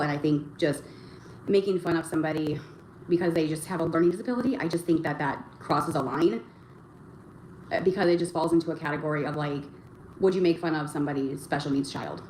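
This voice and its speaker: Young woman, livestream host, lowish voice, halting rambling delivery, echoey room with faint noise. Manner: rambling, halting, full of fillers and restarts. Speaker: livestream host reading chat. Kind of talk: casual livestream chat. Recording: roomy echo, faint background noise.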